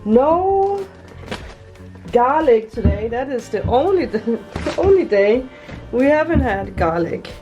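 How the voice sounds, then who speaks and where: A woman's voice: fairly high pitch, animated, unhurried, muffled recording, music in the background. A woman vlogging casually as she cooks, chatting and thinking aloud as she goes. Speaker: cooking vlogger. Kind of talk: casual cooking vlog.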